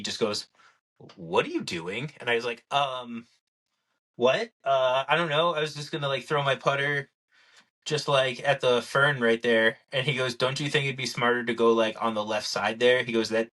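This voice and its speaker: A young man co-hosting a casual podcast, telling stories animatedly and acting out what people said. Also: mid-range voice. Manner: animated storyteller, acts out quotes. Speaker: podcast co-host. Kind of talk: casual chat.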